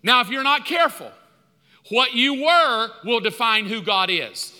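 A male pastor preaches in a high, piercing voice that rings through a long-reverb church hall. He is lively and conversational, and he acts out dialogue with God. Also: a little slow. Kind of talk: sermon. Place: church sanctuary.

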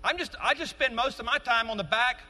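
A preacher voices a young shepherd boy with a high, bright, defiant ring. He sounds earnest and unafraid. A long church reverb trails each line. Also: heavily acted. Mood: bold. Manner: earnest, defiant, raised and quickened. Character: bold teenage shepherd boy David.

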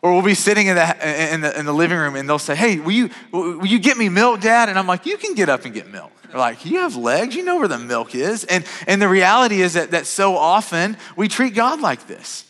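A man's voice: high voice, very animated, brisk, hardly any pauses, pushed and bright. A man in his thirties preaching a sermon in a conversational way, often restarting and repeating words. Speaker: pastor. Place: church sanctuary. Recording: reverberant hall.

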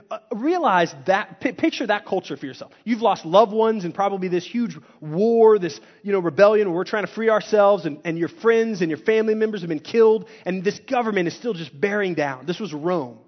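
Impassioned high-voiced male preacher, lo-fi. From Texas. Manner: impassioned, conversational preaching with dramatic swings in volume. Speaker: pastor. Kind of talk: sermon.

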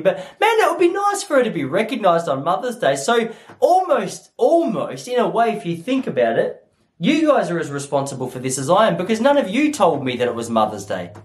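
A man's voice: a little high, very animated, a little fast. A young Australian man telling a funny story to his listeners, swearing freely as he goes. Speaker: podcast host. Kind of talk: comedic monologue to listeners.

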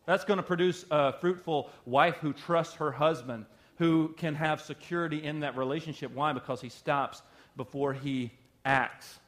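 Conversational preacher man, slightly high. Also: normal speed, a bit bright. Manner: conversational, emphatic, asks rhetorical questions. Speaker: pastor. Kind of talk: sermon.

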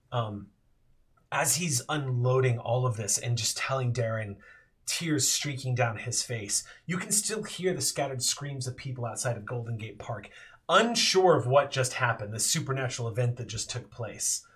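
A man running a tabletop role-playing game as game master, narrating slowly and descriptively with pauses. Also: mid-range voice. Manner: slow, descriptive storytelling with pauses.

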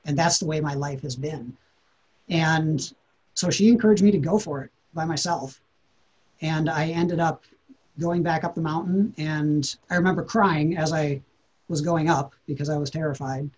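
A man's voice: a little high, steady tone, moderate pace, a little mellow, husky, poor audio. A man, a podcast guest, telling a personal story in an earnest, reflective way, often repeating words as he thinks.

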